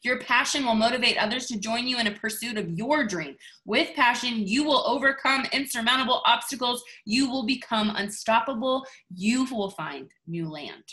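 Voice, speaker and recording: A self-assured explorer, read by a woman over an echoey video call, declaiming his convictions with preachy certainty. The voice is bright and forceful. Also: very high-pitched, normal speed, few pauses. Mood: earnest. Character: bold self-assured male explorer, Columbus.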